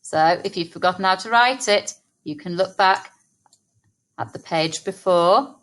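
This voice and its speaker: A woman teaching young children phonics, sounding out words slowly and clearly. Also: on the low side, a bit bright. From England. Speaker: primary school teacher. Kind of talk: early-years phonics lesson.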